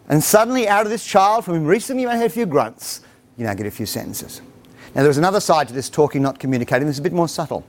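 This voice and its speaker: A high-sitting voice delivered fast belongs to a middle-aged man giving parents a humorous talk. He spins lively stories about parenting, acting out snatches of dialogue along the way.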